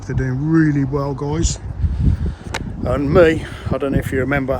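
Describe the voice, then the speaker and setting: Against a noisy background with music underneath, a medium-pitched man vlogs outdoors on a building site while working on his pond project. He's chatty with viewers, swears mildly and calls them guys.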